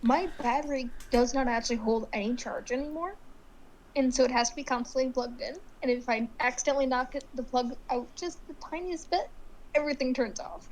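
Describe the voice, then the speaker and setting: A woman with a fairly high voice chats as a player in a tabletop game. She talks casually and easily. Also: fairly quick, a little hiss or hum, low-quality recording. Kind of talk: casual chat.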